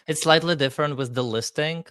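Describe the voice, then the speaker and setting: A man's voice: fairly high pitch, a little fast, pushed and bright, clear, resonant tone, no room sound, studio quality. A man co-hosting a casual crypto stream, joking playfully and laughing often. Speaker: crypto market show co-host. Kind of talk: casual livestream chat.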